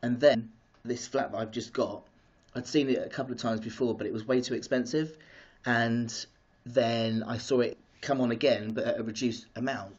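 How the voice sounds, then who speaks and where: Excitable man on a dull live stream. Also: mid-range voice, normal speed, husky. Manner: excitable, chatty, greets viewers and goes off topic. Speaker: vlogger hosting a live stream. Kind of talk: casual live-stream chat. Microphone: streaming device mic.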